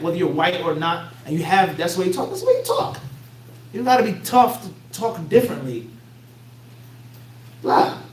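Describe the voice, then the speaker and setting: High-voiced Philadelphia man lecturing in an echoey room. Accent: Philadelphia American. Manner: fills in blanks with rhetorical "what?" questions; blunt, streetwise phrasing. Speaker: Islamic teacher. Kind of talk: religious lecture to a class. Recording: echoey room, mic far off, faint hum.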